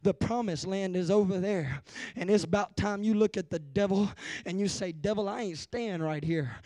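A young adult man preaching a sermon, shouting in rhythmic bursts and dropping to hushed near-whispers. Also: high-pitched, no room sound. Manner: drops to a hushed near-whisper in slow passages.

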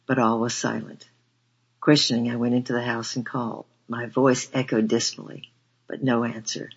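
A man reading a first-person memoir aloud in a measured, earnest way. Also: mid-range voice, level tone, husky, lo-fi sound. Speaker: audiobook narrator.

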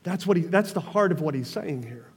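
A man's voice: a little high, expressive, brisk, breathy edge, big-room sound. A man preaching a sermon as pastor, passionate, calling on the congregation to respond.

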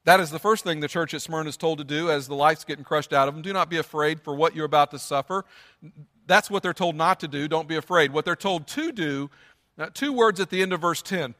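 A man's voice: a little high, brisk, bright, forceful tone, big-room sound. A man preaching a sermon as pastor, earnest and emphatic, with lots of repetition.

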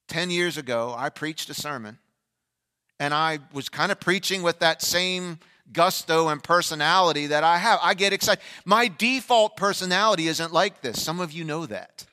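A man preaching an energetic Easter sermon as pastor, shifting between loud fervent bursts and quiet, reflective asides. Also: on the high side, moderate pace. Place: large church sanctuary. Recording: long church hall reverb.

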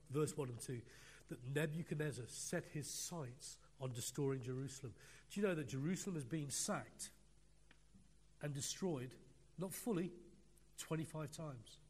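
Emphatic British preacher in a reverberant hall. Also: male voice, fairly high pitch. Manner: emphatic, repeats phrases, swings from loud to quiet. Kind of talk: sermon.

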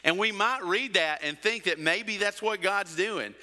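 Casting note: middle-aged male preacher, bright ringing voice, a little higher than most, long church-hall reverb. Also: unhurried. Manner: preaching with rhetorical questions and acted-out quotes. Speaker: pastor. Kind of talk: sermon.

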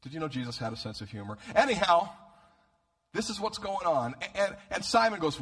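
A male pastor preaching a sermon, animated and humorous, often repeating words as he starts a phrase. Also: fairly high pitch, a little fast.

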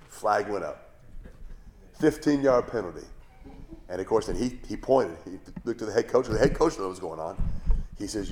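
A man's voice: lowish voice, normal speed, a little mellow, slight background noise. A middle-aged male pastor giving a sermon in a conversational way, with rhetorical questions and asides.

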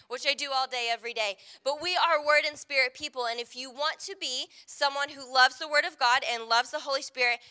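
A woman pastor delivers a sermon in a relaxed, conversational way. Her voice sits high and sounds very bright and sharp. She keeps turning to the congregation with quick asides. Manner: conversational, frequent "right?" asides.

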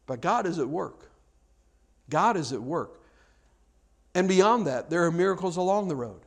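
A man's voice: fairly high pitch, lively intonation, measured pace, creaky. A man preaching a sermon, telling a story with acted-out dialogue and frequent stammered repeats.

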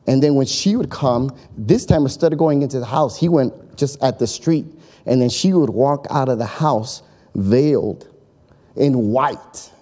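A man's voice: medium pitch, a little slow, dark tone. A man preaching a sermon, telling a story in a chatty way, acting out voices and often checking in with his listeners. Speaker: pastor.

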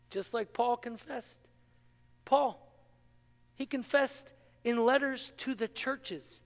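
A man's voice: very high-pitched, takes it slowly, long pauses, long reverb tail. A man preaching a sermon as pastor, impassioned, with rhetorical questions and self-mocking humor. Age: adult, married.

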